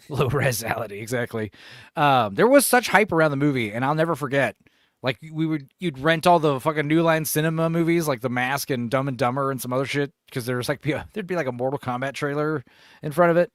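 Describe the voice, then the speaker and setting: A man's voice: mid-range voice, a little fast, dry recording, clean studio sound. Chatty profane man hosting a podcast. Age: 40s. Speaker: podcast host. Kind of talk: casual chat.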